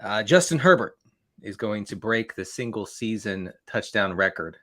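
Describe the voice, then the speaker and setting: A man's voice: on the low side, expressive, normal speed, fairly bright tone. A man guesting on a fantasy football podcast, rambling and repeating words as he talks. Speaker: guest analyst.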